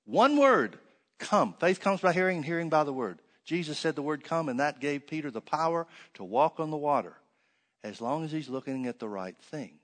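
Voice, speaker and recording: Reading scripture and then explaining it through rhetorical questions, a preacher speaks a little fast in a slightly high voice. His sermon swings between loud, stressed emphasis and quiet asides.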